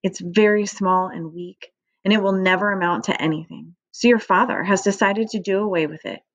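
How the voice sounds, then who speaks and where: A woman voicing a calm, matter-of-fact farm mother in a children's story. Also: medium pitch, moderate pace, dull audio, natural voice.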